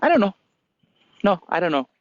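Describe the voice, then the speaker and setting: A man's voice: high voice, very animated, a little fast, no echo, lo-fi sound, voice pushed up. A man voicing a little old gray monkey who answers in short, dismissive, uninterested replies in a storytelling vlog.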